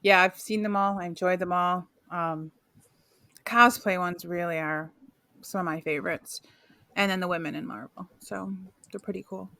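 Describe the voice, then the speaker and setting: A woman's voice: fairly low pitch, fairly even intonation, normal speed, vocal fry, sharp tone, dry recording. A woman on a podcast speaking in casual chat, enthusiastic and emphatic. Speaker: podcast co-host.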